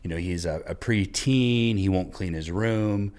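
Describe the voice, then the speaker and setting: A man's voice: sits low, unhurried, darkish tone, smooth. A man on a podcast giving earnest coaching advice, retelling a conversation he had. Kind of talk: casual advice talk.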